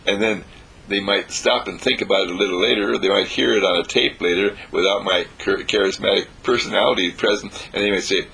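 A man's voice: fairly low pitch, normal speed, gravelly, bright, forceful tone, slightly rough, poor audio. A man giving an inspirational lecture, exuberant and laughing often, building his points through repeated affirmations. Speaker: motivational speaker.

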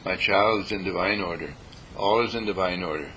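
A low, brisk voice, bright and forceful, belongs to a spiritual teacher and dean from California leading a spoken meditation lesson. He repeats himself in a folksy manner and acts out panicked voices, all on a rough recording with faint noise.

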